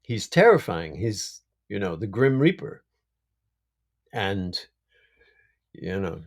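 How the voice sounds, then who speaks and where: Slow-talking man recalling his acting roles. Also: fairly low pitch, very animated. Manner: unhurried, reflective, laughs often. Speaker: actor guest. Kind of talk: casual interview chat.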